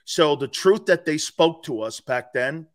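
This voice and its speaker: A man in his fifties, a former player and sports radio host, talking as a guest in a casual podcast interview, emphatic and animated with loud outbursts. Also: on the high side, measured pace. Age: 50s.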